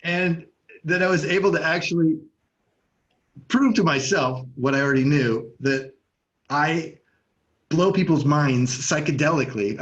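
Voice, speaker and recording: A man co-hosting a podcast as an NLP coach, telling stories in a loose, animated way and swearing freely. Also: on the high side. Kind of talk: casual conversation. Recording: slightly dull, muffled sound.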